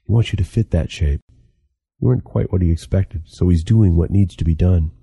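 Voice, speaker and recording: A man voicing a patient, wry older guide in an audiobook, calm and reasoning. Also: low-pitched, fairly quick, creaky, breathy edge, dry recording, studio quality, exaggerated voice. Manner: calm, reasoning and gently teasing. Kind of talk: audiobook character reading.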